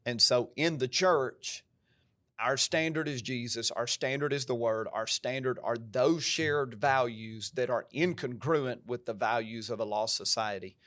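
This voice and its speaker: Man, pastor, country twang, emphatic preacher-like manner, mid-pitched voice, dry close sound. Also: unhurried, fairly bright tone, no echo. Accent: American country twang. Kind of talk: podcast conversation.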